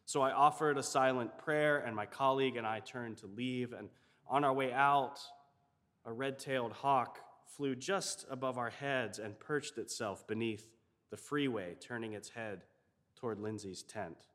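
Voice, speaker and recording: Male chaplain, mid-range voice, measured storytelling in a reverberant hall. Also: medium pitch, fairly bright tone. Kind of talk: storytelling sermon.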